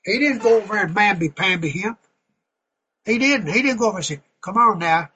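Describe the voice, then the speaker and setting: A man preaching a sermon in a folksy, fervent way, now and then getting loud. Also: sits high, lively intonation, a little fast, slightly rough, lo-fi sound.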